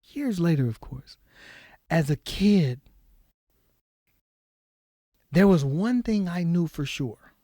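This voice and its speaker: Man telling a painful story, halting. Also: lively intonation, no room sound, clean studio sound. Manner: halting, repeats words, voice drops low and soft. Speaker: podcast guest. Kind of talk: emotional personal storytelling.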